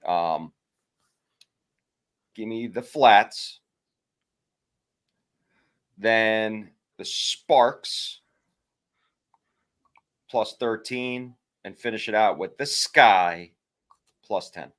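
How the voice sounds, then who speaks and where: A man with a lowish voice gives his picks on a casual sports betting show. He banters playfully and acts mock-indignant when his co-hosts bet against him. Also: drawn-out words, long pauses, a bit bright.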